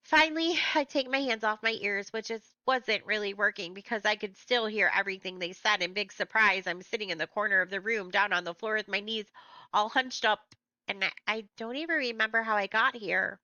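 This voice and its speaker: Woman narrator for a young-reader audiobook; bright, slightly high, close and dry. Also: brisk, no room sound, low-quality recording. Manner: plain, conversational storytelling. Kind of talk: first-person novel narration.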